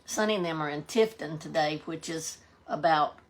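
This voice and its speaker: A woman's voice: deep voice, moderate pace. A woman with a Southern US accent, hosting a live stream and chatting folksily, greeting viewers by name as she reads their comments. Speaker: livestream host.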